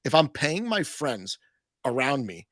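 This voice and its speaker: A man's voice: medium pitch, sing-song, measured pace, fairly bright tone, dry recording. Blunt rambling male host, dry sound. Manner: blunt, rambling, frequent restarts. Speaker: podcast host. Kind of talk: casual crypto chat.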